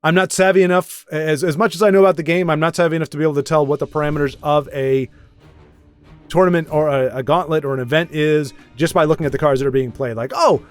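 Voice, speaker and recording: A man's voice: on the high side, fairly even intonation, fast, smooth, faint music behind. A man casually commentating a card game match, chatty and self-deprecating, rambling with frequent restarts.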